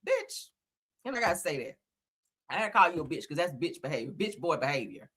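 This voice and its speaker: Animated, bright-voiced woman livestreamer. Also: low voice, quick pace, slightly rough. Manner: blunt, profane, frequently laughing. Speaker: livestream host. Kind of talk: casual livestream commentary.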